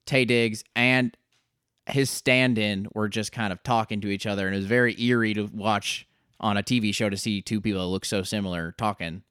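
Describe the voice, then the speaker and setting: A man co-hosting an improvised comedy podcast, calmly building the joke in a matter-of-fact way. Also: lowish voice, normal speed, smooth, dry recording, clean studio sound.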